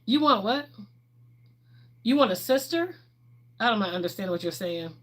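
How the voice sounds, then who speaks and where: A woman's voice: mid-range voice, expressive, moderate pace. A middle-aged woman, chatting candidly on a livestream and answering viewers' questions, laughing often. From Texas, USA. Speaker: livestream host.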